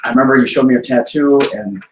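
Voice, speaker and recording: A man's voice: medium pitch, steady tone, quick pace, far from the mic. A man from Wisconsin, a podcast guest telling stories in a rambling, casual way with many restarts. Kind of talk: casual chat. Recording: echoey remote call with faint noise.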